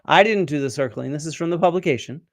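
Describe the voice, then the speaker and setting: A man's voice: a little high, quick pace, vocal fry, no echo, studio quality. A middle-aged man hosting a live-stream science show, explaining and quizzing viewers from their comments, with many fillers and restarts. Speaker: archaeologist and show host.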